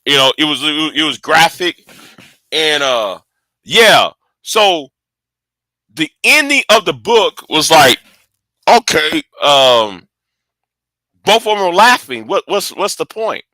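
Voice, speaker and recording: Excitable, high-voiced swearing man. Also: slow pace, long pauses, no room sound. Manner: excitable, swears often, stammers and repeats words. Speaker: online commentator. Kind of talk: casual rambling commentary.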